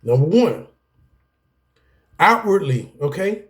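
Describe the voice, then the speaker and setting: A man's voice: high voice, sing-song, slow pace. A man giving a self-help lesson to camera in a preacher-like cadence, often laughing and breaking off mid-sentence. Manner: preacher-like cadence, addresses viewers as y'all. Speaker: self-help video teacher. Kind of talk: preachy talk to camera about anger.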